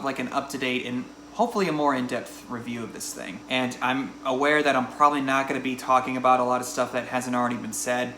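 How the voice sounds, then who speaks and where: A man in his thirties talks through a film review in a relaxed, informal way, his voice bright and forward. The room adds a noticeable echo, with a faint hum of noise underneath. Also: mid-range voice. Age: 30s. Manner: chatty, conversational, informal. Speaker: movie reviewer. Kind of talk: casual spoken movie review.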